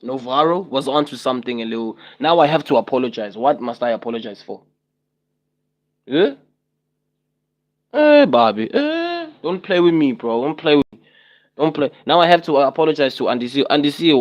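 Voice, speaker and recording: A man's voice: mid-range voice, lively intonation, fairly quick, low-quality recording. A young man on a casual livestream, talking to his viewers and repeating himself in exasperated rhetorical questions.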